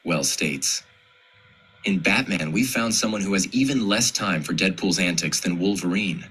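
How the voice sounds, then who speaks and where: Low husky man reading aloud. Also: normal speed, pushed and bright, rough recording. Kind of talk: reading press quotes aloud.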